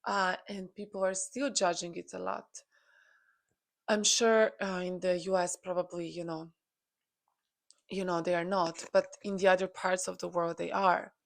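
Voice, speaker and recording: A woman's voice: on the low side, level tone, moderate pace, gravelly. A woman channeling a spiritual message to her viewers, earnest and encouraging, with frequent fillers. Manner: earnest, encouraging, many "you know" fillers.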